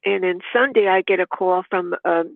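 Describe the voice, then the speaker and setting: An older woman speaks as a podcast guest in a gravelly voice, earnest and devout as she acts out remembered conversations. Her voice comes through a thin, phone-like line. The sound is dry, with no room around it. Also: lowish voice, normal speed, no echo. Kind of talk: heartfelt personal storytelling.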